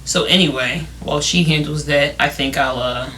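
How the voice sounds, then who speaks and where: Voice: medium pitch, moderate pace, a little hiss or hum. A young podcast co-host chatting casually and retelling stories with quoted lines. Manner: expressive, retells scenes in quotes. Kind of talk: casual chat.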